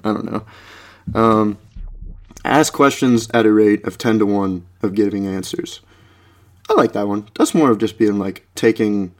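Rambling young man with a low voice. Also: darkish tone. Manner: rambling, lots of fillers, laughs mid-sentence, jumps into mocking high voices. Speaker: podcast host. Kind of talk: rambling casual podcast chat.

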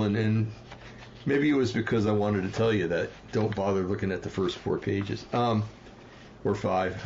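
A man from New Jersey hosting a casual livestream, rambling and heated, with many fillers and quick apologies. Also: on the low side, dull audio, a little hiss or hum. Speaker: livestream host.

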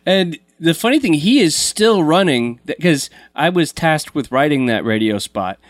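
A man's voice: fairly high pitch, big pitch swings, moderate pace, no echo, studio quality. A man hosting a podcast interview in a conversational way, backing up to explain. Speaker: podcast host. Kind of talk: casual interview chat.

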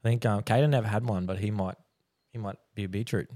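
A man's voice: on the low side, fairly even intonation, quick pace, warm tone. A man with an Australian accent hosting a podcast in laddish, crude banter. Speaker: podcast host. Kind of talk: casual chat.

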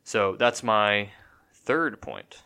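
A man's voice: on the low side, big pitch swings, drawn-out words, vocal fry, pushed and bright, smooth. A man co-hosting a casual podcast, talking in a rambling way with many restarts and fillers. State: has the hiccups. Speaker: podcast co-host.

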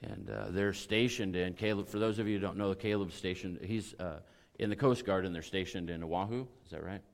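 A middle-aged man preaching a sermon with a hoarse, raspy voice, in a folksy, conversational way full of fillers. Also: deep voice, brisk. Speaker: pastor.

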